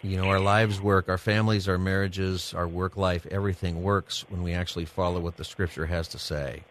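A man's voice: deep voice, fairly even intonation, fairly quick, fairly bright tone, a little hiss or hum. A man hosting a live radio interview, talking in a conversational, heartfelt way with frequent chuckles. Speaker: radio show host.

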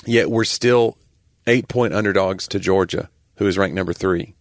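A man's voice: sits low, normal speed, no room sound. A man co-hosting a podcast, joking and reeling off sports stats in casual chat. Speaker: podcast co-host.

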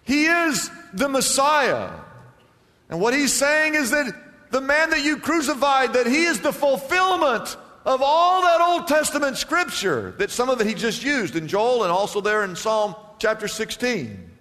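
A male pastor preaching a sermon with strong emphasis, swinging between loud declarations and hushed passages, in a church. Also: very high-pitched, sing-song, unhurried. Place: church sanctuary. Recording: long hall reverb.

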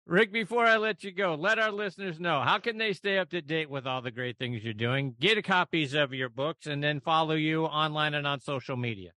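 Host, male, bright forward tone, dry booth sound, friendly questions. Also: fairly high pitch, brisk, few pauses, dry recording. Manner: friendly, laughs along with the guest. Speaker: podcast host. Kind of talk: interview questions.

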